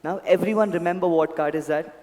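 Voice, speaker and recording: A man's voice: fairly high pitch, fast talker, darkish tone, long reverb tail, a little hiss or hum. A man performing a stage magic act, politely coaxing volunteers and addressing them as sir and ma'am, speaking into a handheld mic. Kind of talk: live magic show patter. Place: large hall at a club event.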